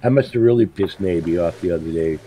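A man's voice: sits low, quick pace, dark tone, a little hiss or hum, low-quality recording. A middle-aged man streaming a game, telling blunt, profane stories in casual chat. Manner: blunt, profane storytelling with laughs. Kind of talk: casual chat while gaming.

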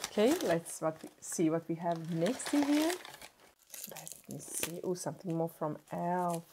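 A woman's voice: on the low side, noisy background. Gushing woman unboxing beauty products. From Sweden. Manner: gushing, excitable, pauses and restarts as she unwraps. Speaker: beauty vlogger.

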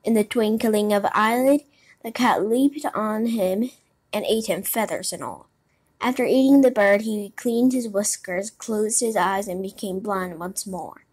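A woman narrates a classic children's story aloud. Her delivery is an expressive storybook reading, at a medium pitch. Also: a little slow, breathy edge. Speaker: audiobook narrator.

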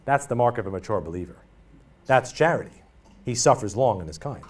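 A man's voice: mid-range voice, expressive, fairly quick. A male pastor preaching a sermon in a church, emphatic and repetitive as he drives his points home. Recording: voice from far off the mic.

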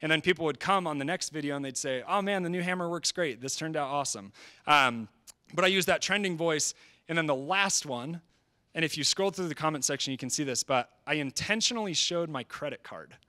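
Man, live presentation, somewhat high voice, bright tone, energetic conversational delivery. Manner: energetic, conversational, quotes people in quick asides. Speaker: presenter at a training session. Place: presentation hall.

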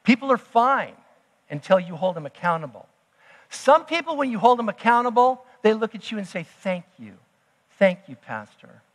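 A man preaching a sermon as pastor, emphatic, swinging between loud declarations and hushed asides. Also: very high-pitched, expressive, brisk. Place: church sanctuary. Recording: long church hall reverb.

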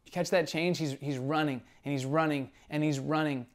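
A man's voice: on the high side, steady tone, moderate pace. Earnest young male pastor preaching. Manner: earnest, conversational preaching with dramatic reading of scripture. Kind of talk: sermon.

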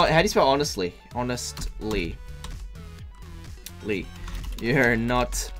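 A man's voice: medium pitch, a bit bright. A man streaming a game live, tired, talking in a rambling, profane way full of fillers and restarts. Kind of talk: casual live-stream chat. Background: faint music.

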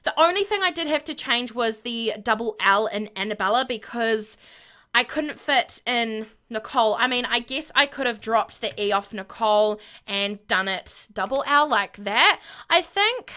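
A woman giving bubbly, excitable commentary while playing a life-simulation game on her channel. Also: a little high, moderate pace. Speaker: gaming channel host.

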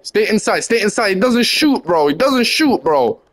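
High-voiced young man bossing teammates. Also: big pitch swings. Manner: rapid repeated commands and teasing. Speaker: gamer coaching teammates on voice chat. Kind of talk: live voice chat while playing a basketball video game.

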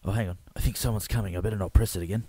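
A man jokes his way through an improvised sketch, with blokey banter and frequent stammers. His voice is husky and mellow, and he speaks into a close, dry mic. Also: lowish voice, steady tone, rapid-fire, no echo. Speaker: comedic host.

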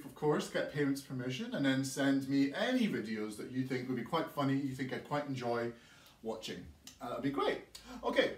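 A man teaching a recorded music lesson for young children, explaining a clapping game step by step in an encouraging, patient way. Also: a little high. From England. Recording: echoey room, mic at a distance.

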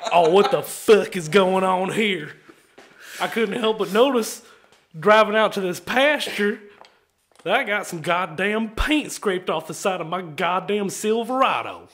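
A man putting on the voice of an angry, drunk Texan man with a put-on Texan accent, loud, cursing and drawling. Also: high-pitched, lively intonation, slow, voice pushed up, heavily acted.

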